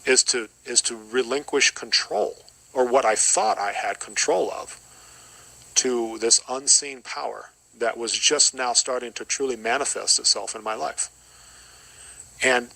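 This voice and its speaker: A middle-aged man with a bright, forward voice speaks as a podcast guest. He gives an earnest, reflective personal testimony and often repeats short phrases. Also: mid-range voice, gravelly, rough recording.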